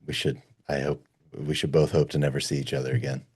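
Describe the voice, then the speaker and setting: Deep husky male group leader, relaxed and plainspoken on a video call. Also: fast talker.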